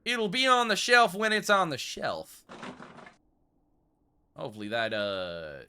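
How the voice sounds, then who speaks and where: A man's voice: fairly high pitch, expressive, slow, bright, forceful tone, a little hiss or hum. A man giving casual gameplay commentary while role-playing a polite old-west shopkeeper in a put-on regal accent. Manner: role-plays a polite old-west shopkeeper, addressing customers as sir and ma'am. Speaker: streamer playing a shop game.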